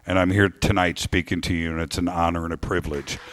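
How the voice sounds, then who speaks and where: A man speaking live to an audience, telling a story with lively emphasis and thanking people. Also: deep voice, fast talker, a little hiss or hum. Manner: animated storytelling, warm thanks. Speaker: radio host giving a talk. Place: lecture hall with audience.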